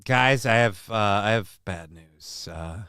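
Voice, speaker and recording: Man, livestream host, casual joking chat, swears freely, very smooth resonant voice, dry close sound. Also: lowish voice, slow, bright, forceful tone, no room sound. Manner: joking, loose and profane, with lots of ums and uhs.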